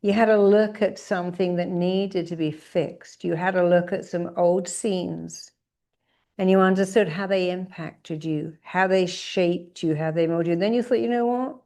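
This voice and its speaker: Woman calling out slow, forceful affirmations. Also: on the low side, level tone. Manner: commanding, drawn-out affirmations called out with emphasis. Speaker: therapist leading a group exercise. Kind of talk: guided therapeutic exercise.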